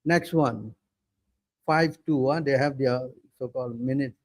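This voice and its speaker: A man's voice: mid-range voice, measured pace, no echo. A man giving a scripture class as a preacher, insistent and hammering points home, constantly asking his listeners questions and demanding they listen. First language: English. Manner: insistent, repeatedly demanding attention.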